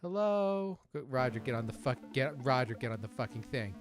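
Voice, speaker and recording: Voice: mid-range voice, animated, fairly quick. A let's play host giving casual gameplay commentary in a rambling, hesitant way, swearing now and then.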